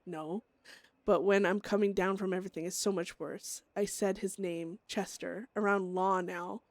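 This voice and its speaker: A woman's voice: mid-range voice, fairly even intonation, no room sound, lightly acted. Woman voicing a haunted, drug-craving outlaw woman. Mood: tormented. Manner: quiet, halting inner monologue. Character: troubled woman outlaw, hearing voices, craving drugs.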